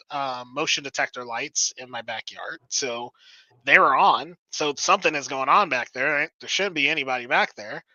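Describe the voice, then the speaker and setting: Rambling man with a bright edge. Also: mid-range voice, no echo, dull audio. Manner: rambling, laughs often, swears. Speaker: guest musician. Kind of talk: casual podcast storytelling.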